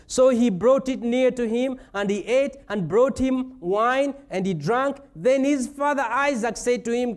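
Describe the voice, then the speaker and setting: A man's voice: very high-pitched, a little slow, few pauses. A man preaching a sermon as pastor, retelling a scripture story with playful asides.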